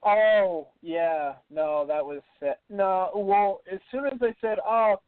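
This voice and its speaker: High-voiced, wry man on a tinny line. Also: smooth, no echo. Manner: wry, laughing, quick remarks. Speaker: podcast co-host. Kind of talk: casual review chat. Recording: dry, tinny phone-like sound.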